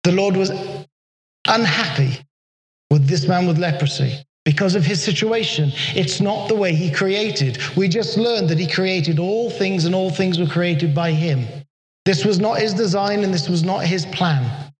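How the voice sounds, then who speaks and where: A man preaching a sermon in an earnest way, slowing down to stress his points. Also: high-pitched. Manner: earnest, slows down for emphasis. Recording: echoey hall with long reverb.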